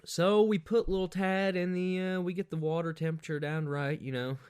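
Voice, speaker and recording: A man hosting a podcast, telling a profane, rambling party story in a casual monologue, jumping up in pitch when he quotes people. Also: moderate pace, clean tone, dry recording. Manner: crude, profane, rambling anecdotes with animated quoted voices. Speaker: podcast host.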